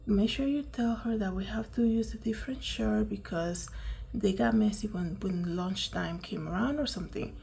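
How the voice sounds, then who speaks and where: A woman's voice: mid-range voice, moderate pace, vocal fry, a little mellow, slight background noise. A woman giving casual, indignant commentary, full of fillers and rhetorical "right?" questions. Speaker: commentary vlogger.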